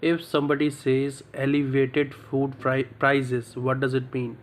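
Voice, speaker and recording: Flat-voiced man asking vocabulary questions. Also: mid-range voice, slight background noise. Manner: plain, halting questions. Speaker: English learner. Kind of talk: practice questions.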